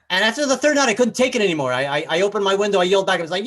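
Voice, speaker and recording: A man's voice: high voice, big pitch swings, racing, few pauses, a bit bright. A man from the American South doing a live-streamed stand-up set from his apartment, stammering through restarts. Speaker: stand-up comedian.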